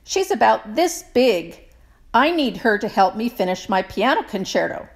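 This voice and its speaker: A woman voicing an excitable male composer in a storybook, lilting and fond. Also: fairly high pitch, moderate pace. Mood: eager. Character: excitable eager male composer, small man.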